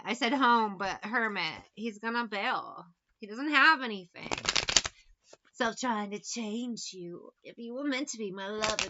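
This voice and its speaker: A woman's voice: mid-range voice, sharp tone, muffled recording, slight background noise. A woman giving a casual tarot reading, talking bluntly with plenty of swearing and sarcastic asides. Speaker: tarot reader.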